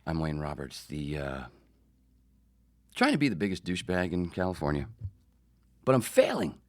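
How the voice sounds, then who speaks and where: A man's voice: deep voice, big pitch swings, normal speed. A man hosting his own comedy podcast, talking in a rambling, sarcastic, profane monologue. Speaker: podcast host.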